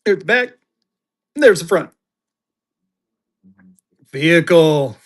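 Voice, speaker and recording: A man's voice: a little high, lively intonation, slow pace. A man hosting a live online auction, chatty and jokey, bantering with viewers as he shows items. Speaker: livestream seller and host. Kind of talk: casual live auction selling.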